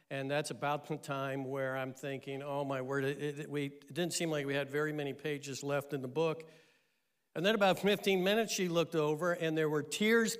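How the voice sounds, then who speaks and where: A middle-aged man, a pastor, telling a story in a sermon with lively delivery and frequent pauses. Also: on the high side, smooth.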